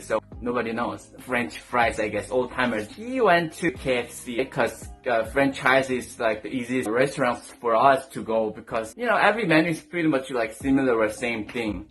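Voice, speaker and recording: A man's voice: medium pitch, animated, moderate pace, a bit bright, soft background music. A young man from South Korea, speaking English with a Korean accent, telling funny stories in a storytime vlog and acting out the people in them as he laughs. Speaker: vlogger.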